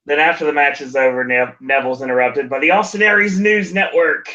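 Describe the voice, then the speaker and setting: A man's voice: fairly high pitch, a little fast, pushed and bright, highs cut off. Man recounting a wrestling match plainly. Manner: plain play-by-play recounting, dry asides. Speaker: podcast host. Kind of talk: casual wrestling recap chat.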